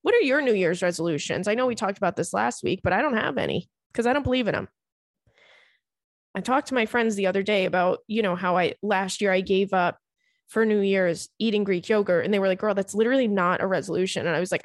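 A woman's voice: mid-range voice, dry recording, clean studio sound. A young adult woman hosting a podcast, chatting casually and swearing freely as she tells funny stories. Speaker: podcast host. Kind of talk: casual chat.

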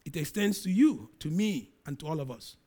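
High, lively-voiced male preacher. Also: normal speed. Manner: dramatic scripture reading, rising to loud emphasis then dropping low. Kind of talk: sermon.

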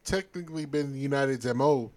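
A man's voice: medium pitch, a little fast, a little mellow, no room sound. A man on a casual sports podcast, cutting in to argue his point. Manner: interjects, argumentative.

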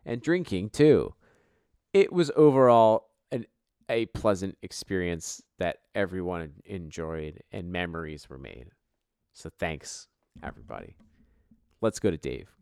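A man hosting a casual fantasy football podcast, joking and swearing, often trailing off quietly. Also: sits low, lively intonation, measured pace, clean tone, dry recording, studio quality. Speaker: podcast host. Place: home basement.

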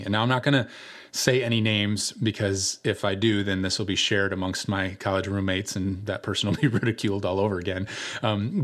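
A young man preaching a sermon, telling a personal story in a relaxed, conversational way with many filler words. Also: on the low side. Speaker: pastor.

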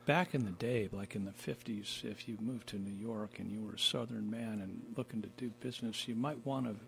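Guy hosting a chat, creaky voice, kinda halting, laughing all the time, light hiss behind. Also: fairly low pitch, a bit bright. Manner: playful, laughs a lot, talks in halting phrases. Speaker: host. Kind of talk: casual conversation.

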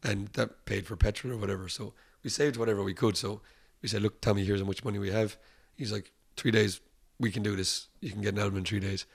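A man's voice: fairly low pitch, quick pace, creaky, few pauses, breathy edge. An Irish musician in an interview, telling anecdotes casually and acting out the voices of people in his stories. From Ireland. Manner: animated anecdotes, acts out quoted voices, laughs often. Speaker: musician guest.

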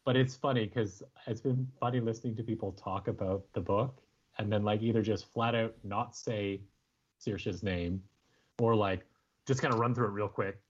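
A man from North America, chatting as the guest in an interview, telling animated stories full of fillers. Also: on the low side, moderate pace, breathy edge, muffled recording. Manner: animated storyteller, many fillers. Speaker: author guest. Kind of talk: casual interview chat.

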